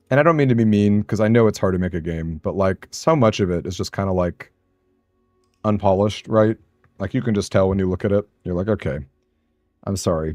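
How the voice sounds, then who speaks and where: Rambling, chatty low-voiced man. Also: a little mellow, dry recording, clean studio sound. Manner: rambling, chatty, talks to viewers by name; self-deprecating, laughs often. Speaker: streamer. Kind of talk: casual live-stream chat while gaming.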